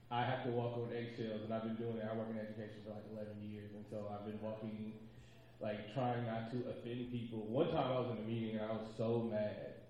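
A man on a discussion panel, talking in a hesitant, halting but candid way. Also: lowish voice, very echoey, highs cut off, slight background noise. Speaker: panelist, educator and volleyball coach.

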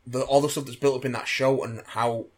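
A man's voice: medium pitch, flat delivery, a little fast. A man in casual podcast chat as co-host, hesitant with fillers and casual swearing.

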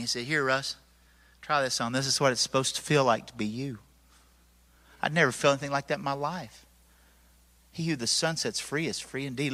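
A man preaching his testimony as a lively story and acting out the voices he describes. His voice is bright and forceful and sits a little high for a man, with long reverb from a large hall around it. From Tennessee, US. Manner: animated storyteller, acts out voices. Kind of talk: storytelling sermon.

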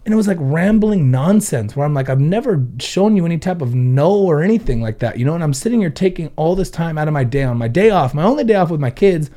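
Talking fast and barely pausing, this man has a slightly high, warm, animated voice. He's in his thirties, runs a car audio shop, and hails from Ventura County, California, swapping blunt, cuss-laden stories with quoted exchanges on a laid-back podcast.

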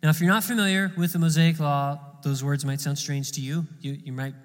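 A man's voice: on the high side, steady tone, a little fast, long reverb tail. A man preaching a sermon in a conversational way, often repeating words as he goes. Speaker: pastor.

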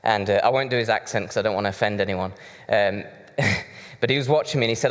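A man's voice: on the low side, fast talker. A man preaching a sermon, conversational and chatty with side remarks. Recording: reverberant hall.

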